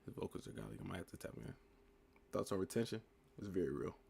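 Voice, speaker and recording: This low-pitched, fast-talking American livestream host is nineteen and has noticeable vocal fry. There's slight background noise as he chats loosely, reading viewers' comments out loud and answering each one.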